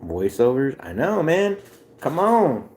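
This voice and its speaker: A man's voice: medium pitch, huge pitch swings, takes it slowly, darkish tone, roomy sound, slight background noise. A man livestreaming, chatting loosely with viewers in a rambling, swearing way. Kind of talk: casual chat with viewers.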